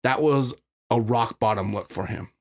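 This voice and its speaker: A man's voice: on the low side, moderate pace. A man from Utah, a podcast guest, telling his story in casual, blunt talk full of profanity and restarts.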